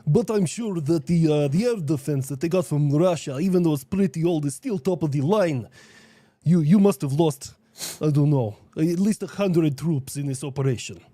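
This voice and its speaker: A man delivering a comedic commentary video in a deadpan, sarcastic way. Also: a little high, normal speed, dry recording. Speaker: video creator. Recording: dry close studio sound.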